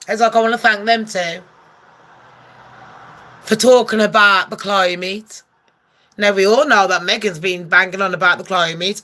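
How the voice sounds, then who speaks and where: A woman's voice: mid-range voice, sharp tone. A woman giving comic gossip commentary as a vlogger, brash, profane and sarcastic.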